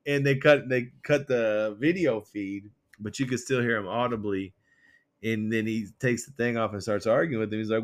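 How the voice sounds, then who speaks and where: Man, podcast co-host, casual rant, animated retelling, medium pitch. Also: fairly quick. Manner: rambling, animated retelling with quoted voices. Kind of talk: casual political chat.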